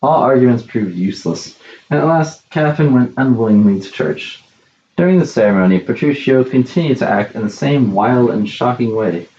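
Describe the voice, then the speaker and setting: A man narrating a classic story in a measured, plain reading. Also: mid-range voice, expressive, darkish tone, reverberant, lo-fi sound.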